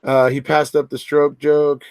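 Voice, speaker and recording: A man with an unhurried, level voice on the high side, darkish and clean in tone, speaks with no echo. He hosts a casual livestream, reading viewer comments aloud and chatting back, with lots of restarts and filler words.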